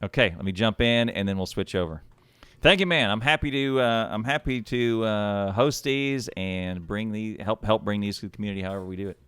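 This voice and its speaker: A man hosting and casting a game match on a live stream, chatty and quick to laugh. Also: fairly low pitch, fairly bright tone, smooth, dry recording. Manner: chatty, with lots of laughs and restarts. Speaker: shoutcaster and match host. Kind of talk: casual live stream talk.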